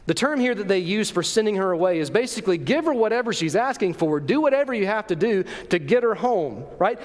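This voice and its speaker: Man, pastor preaching, high voice, conversational sermon, long church reverb. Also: expressive, fairly quick. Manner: conversational preaching, asks the congregation questions. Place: church sanctuary.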